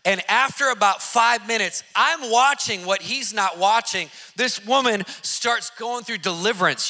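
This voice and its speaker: Bright-voiced, excitable male storyteller. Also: high-pitched. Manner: excitable, emphatic, with laughs. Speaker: podcast host. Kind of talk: animated storytelling.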